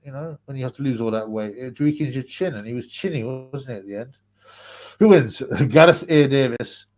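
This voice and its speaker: On his livestream, a man with a mid-range, slightly mellow voice speaks at a moderate pace. He rambles and repeats words while casually chatting and reading out viewer comments, laughing often as he answers them.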